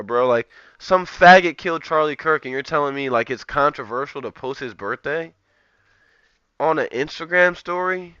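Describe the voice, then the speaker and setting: A man's voice: fairly high pitch, pushed and bright, clear, resonant tone, dry recording. A man ranting in casual commentary, rambling and profane, with lots of filler words. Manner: profane, rambling, heavy use of "like". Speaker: streamer. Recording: dull lo-fi, dry.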